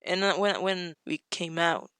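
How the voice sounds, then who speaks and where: A woman, a podcast guest, tells a story in a casual chat and acts out the quotes with sudden leaps in pitch. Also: fairly even intonation, a little slow, fairly bright tone, smooth, no echo, clean studio sound.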